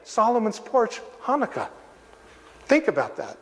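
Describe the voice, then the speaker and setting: High-voiced older pastor in a reverberant hall. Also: male voice, measured pace. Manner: animated, humorous, emphatic. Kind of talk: storytelling sermon. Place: church sanctuary. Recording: long reverb of a church hall.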